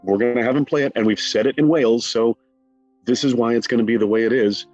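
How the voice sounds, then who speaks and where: A middle-aged man from the United States, a guest speaking in an animated way, with quick asides, in a conversational interview. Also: medium pitch, highs cut off, faint music behind. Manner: animated, rapid asides, mock quotes. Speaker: guest, film scholar.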